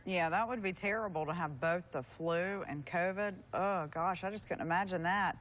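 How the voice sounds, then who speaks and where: Low-voiced woman news anchor, friendly. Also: normal speed, fairly bright tone. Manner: friendly, conversational questioning. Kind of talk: TV news interview.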